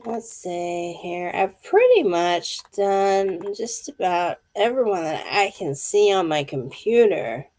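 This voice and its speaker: Low, unhurried wheezy woman reading cards. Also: sing-song, a little mellow. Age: 50s. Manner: intuitive, addressing viewers by name. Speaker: tarot card reader. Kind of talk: live-streamed card reading.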